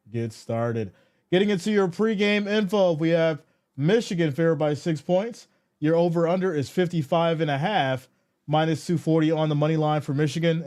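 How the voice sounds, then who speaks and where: A man hosting a casual live stream, reading viewer chat aloud, hyped and loud one moment and dropping to soft, low asides the next. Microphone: streaming microphone.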